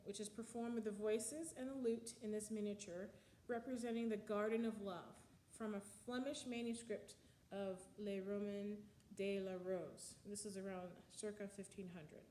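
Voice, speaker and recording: A woman's voice: mid-range voice, steady tone, normal speed, dark tone, reverberant, a little hiss or hum. A woman teaching music history in a slide lecture, explaining with frequent ums and counting out the beats.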